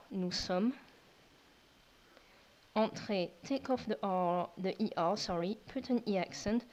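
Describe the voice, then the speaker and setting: A woman's voice: mid-range voice, animated, darkish tone, dull audio. Patient woman teaching a language lesson. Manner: patient, repeats steps, explains slowly. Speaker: French teacher.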